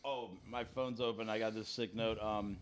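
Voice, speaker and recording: A young man co-hosting a podcast, telling crude, excitable stories in casual chat and laughing through the punchlines. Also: on the low side, normal speed. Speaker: podcast co-host.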